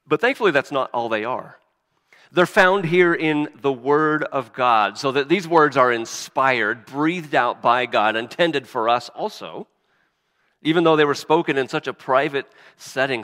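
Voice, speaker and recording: A man's voice: mid-range voice, bright, forceful tone. A man preaching a sermon as a pastor, earnest, with restarts and emphatic rises. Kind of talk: sermon with scripture reading and prayer. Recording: long reverb of a church hall.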